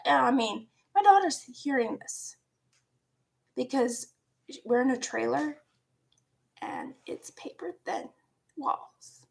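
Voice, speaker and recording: A woman around forty casually telling a personal story, animated, laughing often and dropping into hushed asides. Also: high voice, takes it slowly, gravelly, long pauses. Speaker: vlogger.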